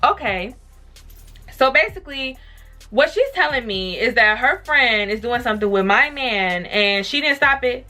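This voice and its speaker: Bright-voiced woman vlogger, blunt and profane. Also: fairly high pitch, normal speed, faint music behind. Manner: blunt and profane, animated retelling. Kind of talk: casual storytime.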